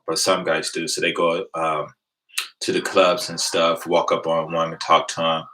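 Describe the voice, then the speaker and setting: A man, casually telling a rambling, animated story to his live viewers and laughing along the way. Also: low-pitched, normal speed, rough recording. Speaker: vlogger on a live stream.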